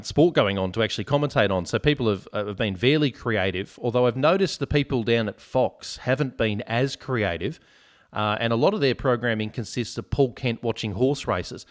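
A man's voice: medium pitch, lively intonation, normal speed. An Australian man hosting a casual sports podcast, joking and reading out listener comments. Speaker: podcast host.

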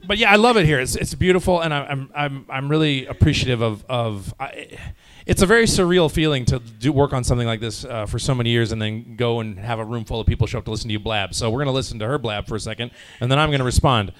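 A man's voice: medium pitch, fast, few pauses, dry recording. A tired, jet-lagged man speaking casually to a live audience at a convention panel, rambling and joking with many restarts. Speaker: convention panel guest, voice actor. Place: convention hall panel room.

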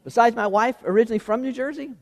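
A man's voice: very high voice, rapid-fire, long reverb tail. A man preaching a sermon as pastor, chatty and conversational, asking the congregation questions and repeating words as he finds them.

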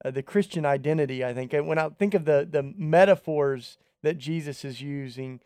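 A man's voice: fairly high pitch, moderate pace, warm tone, smooth, dry recording, clean studio sound. A man co-hosting a podcast, talking earnestly and conversationally in a casual faith discussion. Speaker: podcast co-host.

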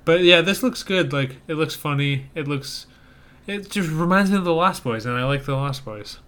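A young adult man on a podcast reviews trailers in a casual, enthusiastic way, rambling with restarts. His voice is fairly high, expressive and a bit bright, moving at normal speed.

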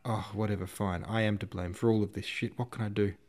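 A man's voice: on the low side, steady tone, brisk, a little mellow, close to an everyday voice. A man playing a proud young count, flustered and stammering, pleading in a raised voice. An audiobook officer. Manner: stammering, imploring.

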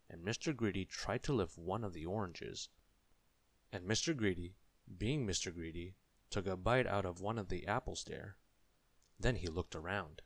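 A man reading a children's story aloud, expressive and speaking directly to young listeners. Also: deep voice, no echo. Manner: expressive, asks listeners questions.

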